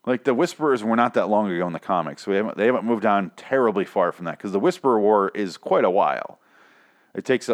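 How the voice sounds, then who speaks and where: A man hosting a casual show, rambling and swearing with exasperation, his voice hoarse and nearly shot. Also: mid-range voice. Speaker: podcast host. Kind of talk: casual rant about a TV show.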